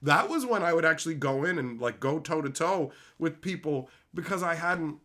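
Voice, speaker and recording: A man telling a profane, animated story in a casual rant on his video channel, laughing often. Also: on the high side, normal speed. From Canada. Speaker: YouTube host.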